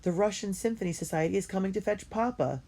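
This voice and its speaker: A woman reading a first-person diary story aloud in an earnest and expressive way. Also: medium pitch, fast. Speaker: audiobook reader.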